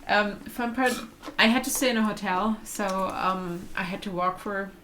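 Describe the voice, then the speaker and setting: A woman's voice: mid-range voice, normal speed, fairly bright tone, a little hiss or hum. Chatty German woman vlogging. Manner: chatty, laughs often. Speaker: vlog co-host. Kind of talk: casual livestream chat.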